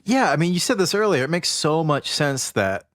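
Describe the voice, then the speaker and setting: A man's voice: on the high side, lively intonation, normal speed, fairly bright tone, dry recording. A man co-hosting a podcast in casual chat, joking in easy back-and-forth with his partner. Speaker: podcast co-host.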